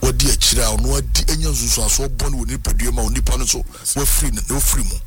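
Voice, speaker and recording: A man's voice: mid-range voice, rapid-fire, few pauses. Male radio host asking a caller questions then lecturing, music under it. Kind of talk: radio talk show hosting. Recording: radio broadcast with music behind.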